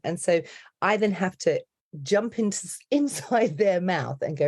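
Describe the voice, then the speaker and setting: A middle-aged woman from the UK, an accent coach, talking in a chatty, animated way as a podcast guest. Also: on the low side, a little slow. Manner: animated, chatty, laughs often. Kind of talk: casual podcast interview.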